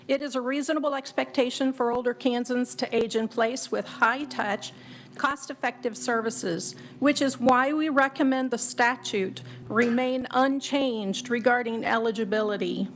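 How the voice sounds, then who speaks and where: A woman reading prepared testimony to a legislative committee in a measured, formal manner. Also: a little high, slight background noise.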